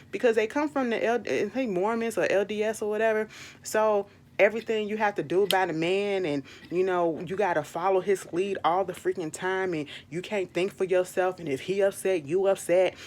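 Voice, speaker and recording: Young woman, ranting hard about a reality show, cusses a lot, voice shoots up high when she quotes herself. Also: normal speed. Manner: animated, exasperated, swears freely, jumps into high quoted retorts. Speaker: reality TV recap vlogger. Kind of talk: casual opinionated recap.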